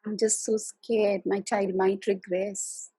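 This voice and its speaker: Woman host, husky and dry-sounding, echoes tapping phrases as a worried parent. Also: mid-range voice, little pitch movement, slow pace, dark tone. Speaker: host, therapist for special needs children. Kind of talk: repeating tapping phrases, casual chat.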